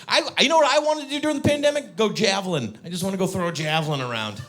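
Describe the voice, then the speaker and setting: A male stand-up comedian performing a set on stage, acting out characters with sudden high-pitched shouts. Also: lively intonation, rapid-fire. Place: comedy venue with audience.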